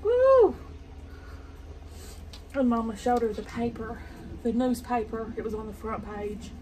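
A woman's voice: on the high side, flat delivery, moderate pace, a little hiss or hum. A woman with a Southern accent chatting and telling stories as she sews, in a meandering, casual way. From Arkansas. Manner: chatty, meandering, soft-spoken asides. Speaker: sewing vlogger. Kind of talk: casual storytelling while sewing. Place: home sewing room.

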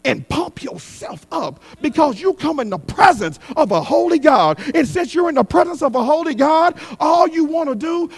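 A middle-aged man preaching a sermon. He repeats his lines in a call-and-response rhythm and swings between shouted peaks and quick, hushed asides. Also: extremely high pitch, sing-song. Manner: repetitive call-and-response cadence. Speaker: guest preacher.

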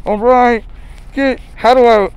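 A man's voice: extremely high pitch, fairly even intonation, slow pace, a little mellow, clear, resonant tone, highs cut off. A man hosting a livestream outdoors on a city sidewalk, talking in a crude, joking, profane way and sounding short of breath behind a face mask. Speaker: livestream host. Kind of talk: rambling live-stream chat.

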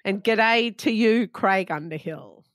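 A woman co-hosting a podcast, opening the discussion with upbeat, lively greetings. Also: medium pitch, takes it slowly, no room sound, studio quality. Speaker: podcast co-host. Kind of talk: casual podcast chat.

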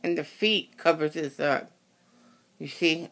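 Craft tutorial host, casual and rambling, apologetic, unhurried pace, bright tense tone. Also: medium pitch. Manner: rambling, self-correcting, apologetic. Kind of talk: casual how-to demonstration.

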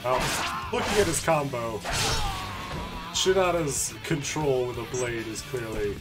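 A man streams a video game and comments in a casual, playful way, tossing out wry asides. His voice sits in a middle register. Game music plays clearly behind him. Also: medium pitch, lively intonation, a little slow. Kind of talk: gameplay commentary.

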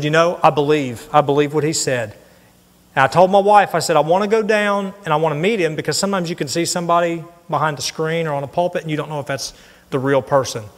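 A middle-aged man preaching a sermon, telling a personal story in an earnest, animated way. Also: a little high. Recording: long hall reverb.

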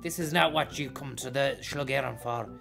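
Gravelly Irish man, jokey streamer. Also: mid-range voice, moderate pace, music in the background. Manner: jokey, rambling, thanks donors by name. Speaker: live streamer. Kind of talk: live stream commentary.

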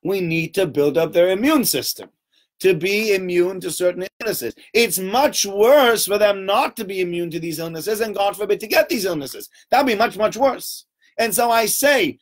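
A man giving an informal Torah talk to a small group, conversational and animated, often checking in with "right?" and acting out little voices. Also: high voice, moderate pace. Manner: acts out little voices and sounds while telling stories.

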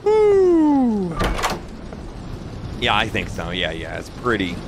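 A man's voice: low-pitched, brisk, gravelly, noisy background. A young man with an Australian accent, chatting casually on a gaming stream while he reads out messages from chat. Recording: game music under the voice.

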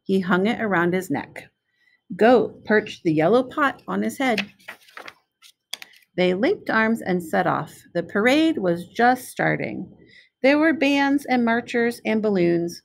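A preschool specialist with a mid-range voice and lively intonation reads a picture book aloud to little ones. She narrates slowly and clearly.

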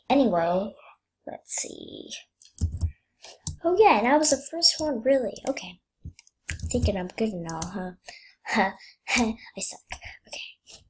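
A woman's voice: mid-range voice, a little hiss or hum. A young woman chatting casually while playing a game, playful and chatty, often dropping into whispers. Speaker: gamer. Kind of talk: casual gameplay commentary. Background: faint keyboard clicks.

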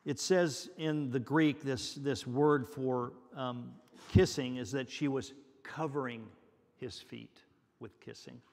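A man's voice: mid-range voice, steady tone, takes it slowly, creaky, darkish tone. A man preaching a sermon as pastor, earnest and repeating key words for emphasis. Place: church sanctuary. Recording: long reverb of a church hall.

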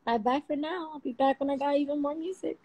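A woman chatting casually on a phone livestream at home at night, slangy and profane, animated and quick to laugh. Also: high-pitched, rough recording.

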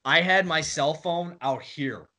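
A man's voice: fairly high pitch, unhurried, bright, forceful tone. A man appearing as a guest on a casual podcast, explaining things in a plain, easygoing way.

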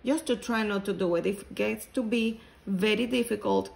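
A woman, not a native English speaker, explains sewing steps slowly, pausing and restarting phrases as she works. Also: medium pitch, creaky, rough recording. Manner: slow, halting, with restarts. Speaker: sewing instructor. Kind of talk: step-by-step sewing tutorial.

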